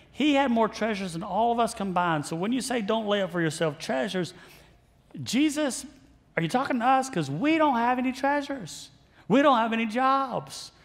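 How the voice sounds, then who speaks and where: A preacher voicing baffled male disciples, pitched high. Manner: incredulous, protesting. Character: bewildered male disciples questioning their teacher. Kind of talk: sermon storytelling.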